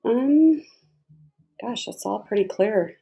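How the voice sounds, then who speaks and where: Mellow-voiced woman doing a chatty tarot reading, laughs a lot, talks like she's chatting with a friend. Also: a little high, slow, creaky, slightly rough. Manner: chatty and expressive, laughs often. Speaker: tarot reader. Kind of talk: casual tarot reading to camera.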